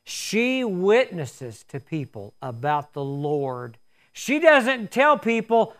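A man's voice: high-pitched, very animated, slow pace, fairly bright tone. A man preaching a sermon in an earnest, repetitive way, often restarting his words.

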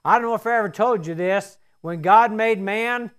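A man's voice: high-pitched, normal speed, fairly bright tone, clear, resonant tone. A middle-aged man preaching a sermon in a folksy, storytelling way with homespun asides.

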